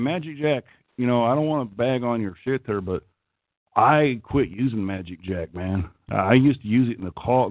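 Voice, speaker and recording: Medium in pitch with no echo, the voice belongs to a middle-aged call-in host with an Okie accent who keeps things casual, crude, profane, and rambling. The sound comes through a tinny line like a phone call.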